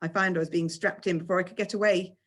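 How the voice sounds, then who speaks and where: A woman, a teacher, reading a children's novel aloud with expressive storytelling. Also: fairly low pitch, fast talker.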